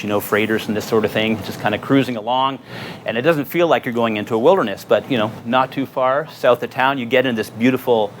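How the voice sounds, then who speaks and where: A man giving a relaxed, conversational presentation at a marina event, telling expedition stories with lots of fillers. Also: mid-range voice, slight background noise. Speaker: guest speaker on an expedition. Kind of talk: storytelling presentation.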